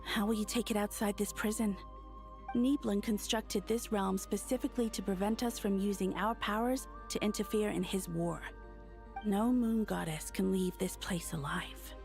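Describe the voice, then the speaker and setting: A solemn ancient moon goddess from a video game, as voiced by a woman, weighing her words with a gravelly edge. Soft game music hums underneath. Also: medium pitch, steady tone, close to an everyday voice. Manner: solemn, measured warning.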